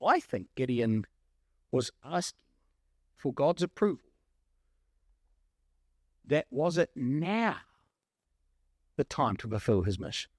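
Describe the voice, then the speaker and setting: A male preacher giving a sermon, animated and full of rhetorical questions. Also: mid-range voice, slow pace, pauses often, no echo, studio quality.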